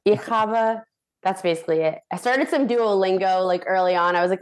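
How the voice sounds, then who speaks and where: A young woman, a professional dancer and guest on the show, telling stories in a chatty, animated way full of "like". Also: lowish voice, moderate pace. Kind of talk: casual storytelling interview.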